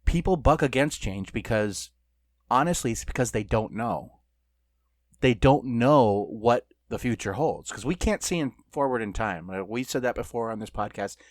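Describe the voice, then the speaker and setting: A man's voice: medium pitch, lively intonation, normal speed, no room sound. Rambling man telling a story, dry sound. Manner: rambling storyteller, many fillers and laughs. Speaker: podcast co-host. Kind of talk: casual podcast chat.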